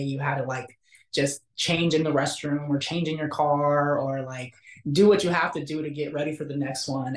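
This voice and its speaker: A young man, an actor, telling a story in a casual interview, animated and acting out the quotes. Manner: animated, acts out quotes with big pitch jumps. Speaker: actor guest. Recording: roomy echo.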